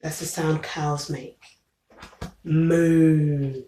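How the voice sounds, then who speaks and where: A woman's voice: lowish voice, animated, drawn-out words, darkish tone, slight background noise. A woman reading a children's picture book aloud, patiently naming animals, asking questions and counting with the child. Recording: echoey room.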